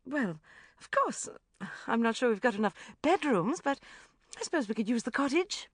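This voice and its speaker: Woman reading a posh gushing hostess, breathless, very high and loud, swooping pitch, dry close sound, audiobook. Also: very animated, normal speed, dry recording, exaggerated voice.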